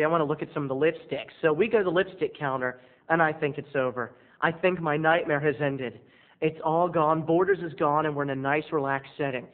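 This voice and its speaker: A man telling a dramatic, gossipy story to the camera as a video blogger. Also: fairly high pitch. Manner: theatrical, gossipy, punchy delivery. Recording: tinny phone-like lo-fi audio.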